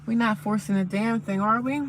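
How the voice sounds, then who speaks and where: A woman's voice: medium pitch, steady tone, brisk, slight background noise. A woman, live-streaming outdoors at sunrise, chatting casually with her viewers and reading their comments aloud. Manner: chatty, talks to viewers and reads chat aloud.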